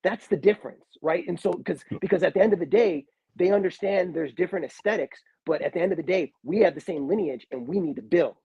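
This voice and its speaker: A man's voice: sits high, fast, creaky, hardly any pauses, dark tone, slightly rough, muffled recording. A man guest on a podcast, speaking casually and earnestly to drive a point home.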